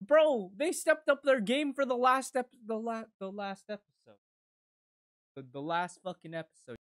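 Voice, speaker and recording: Excitable swearing woman, very lively pitch. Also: brisk. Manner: excitable, swears a lot, sudden loud outbursts; casual slangy talk, says "bro" a lot. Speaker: anime reaction streamer. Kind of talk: live reaction commentary.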